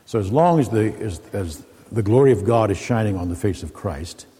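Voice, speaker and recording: A man preaching in a church, his voice deep, dark and a little husky. He moves from folksy stories into measured teaching. The sound rings with a long echo through a large hall. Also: lively intonation. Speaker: Orthodox priest. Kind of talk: sermon with opening jokes. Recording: echoey hall with long reverb.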